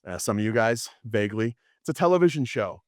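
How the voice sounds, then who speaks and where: A man teaching apologetics to a class, lively and storytelling, often restarting his sentences. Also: mid-range voice, fast, no echo, studio quality. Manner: animated, storytelling, frequent restarts and laughs. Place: classroom with students.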